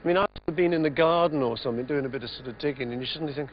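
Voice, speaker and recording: A man in his fifties answering interview questions in a relaxed, rambling way, with lots of "you know"s. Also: medium pitch, fast, slight background noise. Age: 50s. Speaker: interviewee musician. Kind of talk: reflective interview chat. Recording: dull lo-fi TV interview audio.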